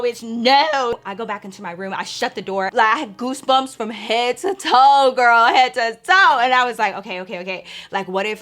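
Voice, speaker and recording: A young woman vlogger telling a ghost story to her viewers in casual, animated chat, swearing freely and calling them y'all and girl. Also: mid-range voice.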